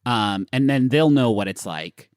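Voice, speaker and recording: A man's voice: measured pace, dry recording, clean studio sound. A man co-hosting a comedy podcast, reading an advice article aloud with jokey, swinging delivery. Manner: animated, jokey, swings between high and low pitch while reading aloud. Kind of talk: casual comedic podcast banter.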